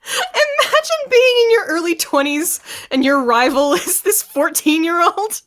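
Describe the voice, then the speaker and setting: A woman's voice: very high voice, big pitch swings, unhurried, a bit bright. A woman co-hosting a podcast, chatting casually, giggling often and swearing. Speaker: podcast co-host. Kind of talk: casual chat.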